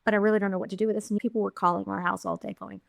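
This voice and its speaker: A middle-aged woman, a podcast guest, telling her founding story with lively quoted voices. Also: medium pitch, very fast, vocal fry, no room sound, clean studio sound. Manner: animated storyteller, acting out quotes. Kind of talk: storytelling interview.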